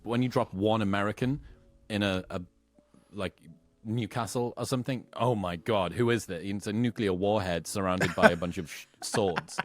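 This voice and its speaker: A man's voice: on the low side, normal speed, no room sound. A man from the United Kingdom hosting a podcast interview, reflective and fluent with a dry sense of humor. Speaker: podcast host.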